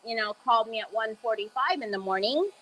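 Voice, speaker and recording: A woman's voice: fairly high pitch, lively intonation, fast talker, fairly bright tone. A woman hosting a crafting livestream, telling a story in a rambling, chatty way and laughing often. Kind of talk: casual storytelling chat.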